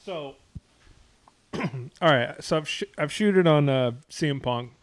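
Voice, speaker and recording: A man's voice: a little high, slow, no echo. Rambling, profane podcast man. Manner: rambling, profane, restarts often. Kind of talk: casual wrestling chat.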